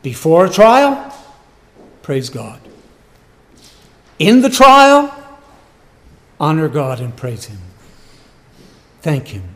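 A male preacher delivers a sermon slowly and deliberately, hammering home his points by repeating them. His pitch sits a little high and rises and falls freely. The sound carries a long reverb, as in a large hall. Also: huge pitch swings. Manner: emphatic, repeats key phrases.

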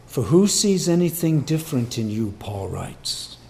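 A man preaching a sermon, swinging between loud emphatic lines and quiet low asides, and acting out boastful voices in quick quoted bits. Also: big pitch swings, vocal fry, a little hiss or hum.

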